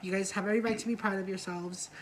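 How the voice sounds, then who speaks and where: A woman co-hosting a reality show review in casual chat, gossipy and quick to swear, acting out what the cast said. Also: medium pitch, steady tone, rough recording. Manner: chatty, gossipy, swears freely, acts out quotes.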